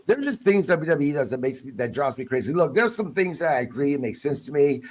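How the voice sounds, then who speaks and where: A male podcast host with a somewhat high voice that swings up and down a lot. He talks bluntly and swears freely in loose, casual chat. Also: expressive, fast talker.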